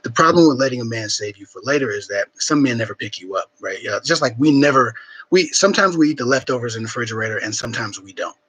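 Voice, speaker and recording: A man hosting a live Q&A, giving frank dating advice in casual chat, swearing freely and filling pauses with ums, sniffling a bit, streaming from home. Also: mid-range voice, animated, a bit bright, husky, poor audio. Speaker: relationship advice livestream host.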